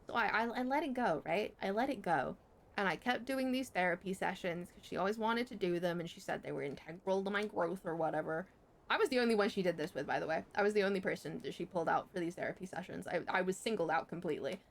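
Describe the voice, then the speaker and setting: Animated young woman swearing while telling a story. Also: quick pace, vocal fry. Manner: animated, swears freely, jumps sharply in pitch. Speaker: streamer. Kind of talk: casual storytelling.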